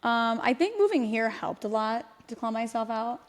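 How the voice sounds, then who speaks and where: A woman in her thirties talks on a podcast in a casual, storytelling way. Her voice sits a little high. She swears freely and quotes people without changing her voice. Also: expressive, normal speed. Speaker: podcast host. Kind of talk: casual chat.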